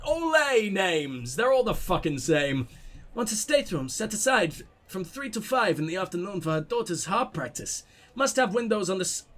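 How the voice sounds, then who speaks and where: A young man with a high voice reads in-game letters aloud as he plays, breaking off now and then for casual, swear-laden comments. His delivery stays loose and conversational. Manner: casual, profane asides between readings. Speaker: gameplay commentator. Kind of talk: reading in-game letters aloud while playing.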